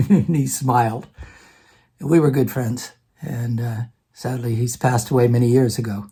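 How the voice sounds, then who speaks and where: Older male storyteller, ex-theater department head, conversational and lively with quoted dialogue. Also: mid-range voice, normal speed, gravelly, slightly rough. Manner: conversational, acts out other people's lines. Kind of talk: personal storytelling vlog.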